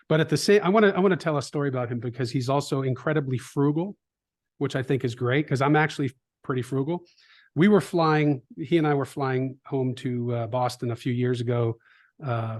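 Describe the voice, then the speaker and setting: A middle-aged man in a conversational interview, an animated storyteller who acts out quoted voices, with frequent restarts. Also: mid-range voice. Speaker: trading educator, guest.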